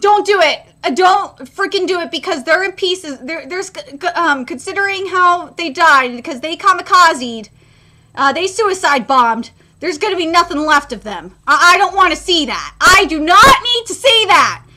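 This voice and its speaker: A woman streaming a live manga reaction, rambling with many fillers and restarts, and getting loud and emotional when moved. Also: very high-pitched, expressive, moderate pace.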